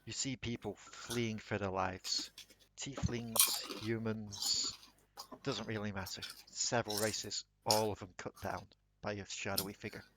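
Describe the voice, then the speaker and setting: A man's voice: fairly low pitch, little pitch movement, unhurried, very noisy. Man narrating as dungeon master. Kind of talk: narrating a tabletop game.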